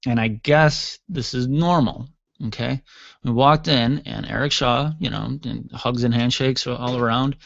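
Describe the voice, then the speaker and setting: A man's voice: mid-range voice, unhurried, vocal fry, dull audio. A man hosting his own podcast from a basement studio, rambling casually with jokey asides and yawning from tiredness. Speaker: podcast host. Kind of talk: casual solo podcast talk.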